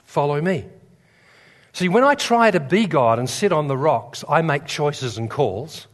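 A man with a fairly high, expressive voice preaches a sermon in a church at an unhurried pace. He tells stories with humor and builds toward fervent emphasis, with long reverb from the large hall.

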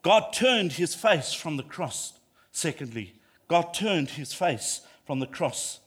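A man's voice: a little high, big pitch swings, slow, breathy edge. A man preaching a sermon, emphatic and repeating lines for effect, rising to passionate peaks.

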